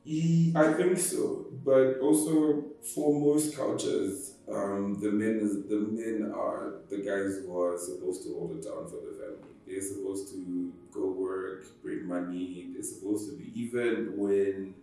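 A man's voice: lowish voice, measured pace, few pauses, dark tone, heavy reverb, far from the mic, low-quality recording. A Zimbabwean man answering interview questions reflectively and at length, with short laughs. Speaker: guest.

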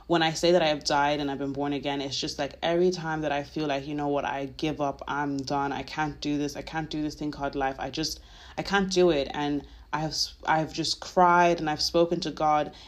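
A podcast host speaking in a mid-pitched voice, talking openly about faith in a loose monologue. The delivery is earnest and confessional. It rambles along with plenty of filler phrases. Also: flat delivery, normal speed. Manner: emotional, confessional. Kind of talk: casual faith talk monologue.

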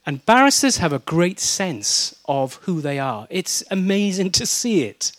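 A man's voice: high voice, unhurried, dry recording. A middle-aged man from South Wales with a Welsh accent, preaching a sermon and telling stories with humor and mimicry. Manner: lively storytelling with mimicry and humor.

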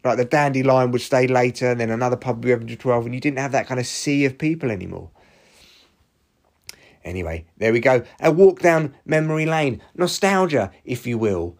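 A man's voice: medium pitch, a little fast. A man, hosting a podcast in a sweary, rambling casual monologue. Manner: sweary, rambling, gets heated then self-mocking. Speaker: podcast host.

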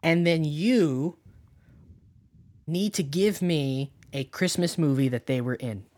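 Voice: mid-range voice, slow, darkish tone, dry recording, clean studio sound. A podcast co-host from Canada, chatting casually and joking while explaining things for listeners. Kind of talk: casual chat.

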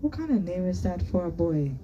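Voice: mid-range voice, big pitch swings, brisk, mellow, recorded from a distance, dull audio, slight background noise, voice pushed up, natural voice. A reader voicing a bold, curious teenage girl who asks teasing questions in a book reading.

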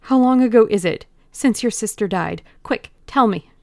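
Woman doing a scared young gent, stammering and gasping, voice pushed up high and loud. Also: moderate pace, gravelly, no room sound, clean studio sound. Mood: urgent. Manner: gasping, stammering, raised pitch. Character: frightened young gentleman cornered at gunpoint.

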